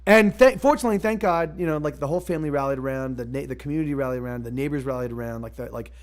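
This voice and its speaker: A musician streaming live, talking casually and hesitantly between songs with many fillers and restarts. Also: male voice, mid-range voice, racing.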